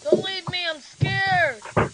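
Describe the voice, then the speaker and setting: High-voiced excitable woman gamer. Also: a little slow, heavy background noise. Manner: excitable, panicky yelling and pleading. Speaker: gamer recording a let's-play. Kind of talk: casual gameplay chat.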